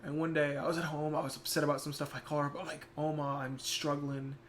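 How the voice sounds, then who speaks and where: A man's voice: a little high, level tone, very fast, slight background noise. Reflective young man, casual stream talk. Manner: reflective, soft-spoken when emotional. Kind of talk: casual chat.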